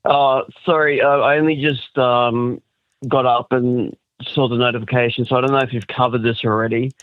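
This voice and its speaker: A man's voice: medium pitch, flat delivery, normal speed, no room sound. Hesitant Australian man on a muffled line. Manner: hesitant, many fillers. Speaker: caller.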